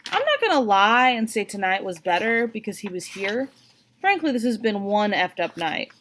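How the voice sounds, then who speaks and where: A woman's voice: medium pitch, normal speed, noisy background. Woman reading a novel aloud. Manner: expressive first-person reading. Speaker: audiobook reader. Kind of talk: read-aloud novel narration.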